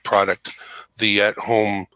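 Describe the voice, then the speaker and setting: Bright-voiced man chatting casually. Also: fairly low pitch, level tone, slow pace, slight background noise, rough recording. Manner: chatty, explains at length. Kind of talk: casual chat. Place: home computer setup.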